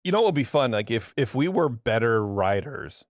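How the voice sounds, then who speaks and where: A man's voice: mid-range voice, sing-song, normal speed, no room sound, clean studio sound. Joking man co-hosting a podcast. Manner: joking, teasing, interrupts with asides. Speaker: podcast co-host. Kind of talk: casual podcast chat.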